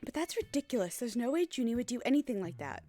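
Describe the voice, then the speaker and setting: A woman's voice: fairly high pitch, big pitch swings, fast, dark tone, soft background music. A woman voicing a determined, loyal young female lawyer, speaking earnestly and upbeat.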